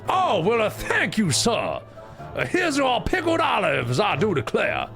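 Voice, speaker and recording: A shrill shouting hick bartender. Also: male voice, wildly swooping pitch, measured pace, gravelly, soft background music, full character voice. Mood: cheery. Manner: shouty, sing-song, folksy drawl. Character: loud cheery hick bartender man, folksy.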